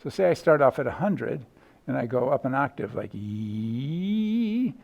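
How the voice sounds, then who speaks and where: A man's voice: mid-range voice, expressive, fairly quick, vocal fry, husky, muffled recording. A middle-aged man lecturing casually in a lecture hall, thinking aloud with restarts and sung vowel demos. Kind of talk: university lecture.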